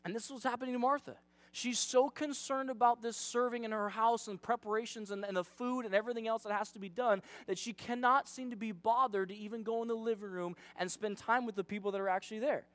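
Chatty high-voiced male youth preacher. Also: steady tone, fast talker, fairly bright tone, no echo. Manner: chatty, dramatizing, self-deprecating. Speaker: youth pastor. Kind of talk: casual sermon.

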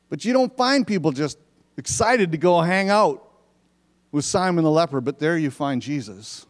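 A man preaching a sermon in a church sanctuary, reading verses and explaining them in a conversational way. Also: a little high. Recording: long reverb of a church hall.

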